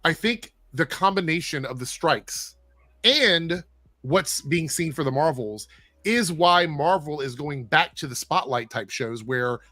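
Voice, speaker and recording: A man's voice: fairly high pitch, animated, sharp tone, dry recording. A man hosting a casual livestream chat, reading viewer messages and giving his opinions. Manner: opinionated, talks fast, reads viewer messages. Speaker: show host.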